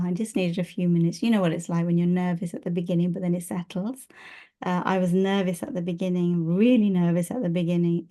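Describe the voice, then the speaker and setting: A woman's voice: on the low side, mellow. A woman telling personal stories in a casual, chatty way, with many fillers, restarts and laughs. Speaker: spiritual teacher and video host.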